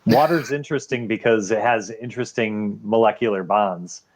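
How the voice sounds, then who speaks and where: A man's voice: lowish voice, normal speed. A man in a casual debate, explaining his point loosely with fillers like um and you know.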